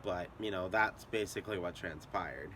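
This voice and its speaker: A man's voice: sits low, normal speed, sharp tone, a little hiss or hum. A young man telling a story to his channel in a casual, profane, rambling way.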